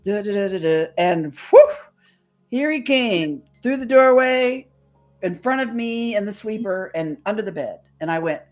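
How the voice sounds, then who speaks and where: A woman's voice: mid-range voice, expressive, a little slow. A woman chatting casually on a streamed show, telling stories with some mild swearing. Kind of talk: casual chat. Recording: faint music behind.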